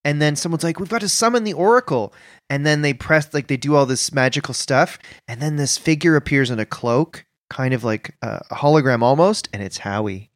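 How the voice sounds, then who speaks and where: A young Canadian man co-hosting a casual comedy podcast, playful and quick to put on silly voices. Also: mid-range voice, no echo, clean studio sound. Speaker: podcast co-host.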